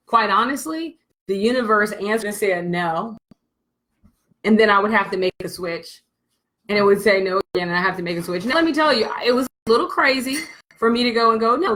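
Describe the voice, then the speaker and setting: A woman business coach telling a candid motivational story to her audience, blunt and animated, and swearing freely. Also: mid-range voice, low-quality recording.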